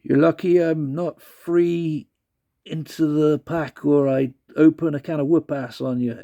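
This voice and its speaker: A man putting on a brash, hot-tempered male wrestler, cursing and threatening in a rough, drawn-out voice. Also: fairly high pitch, steady tone, mellow, no echo, muffled recording, voice pushed up. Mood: blustering.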